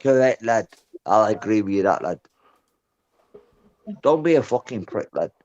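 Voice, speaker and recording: A man's voice: lowish voice, animated, a little slow, a little mellow. Sweary man on voice chat. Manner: sweary and rambling, ends phrases with "lad" or "mate". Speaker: guest on a voice-chat show. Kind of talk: rowdy casual chat. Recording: dull lo-fi voice-chat audio.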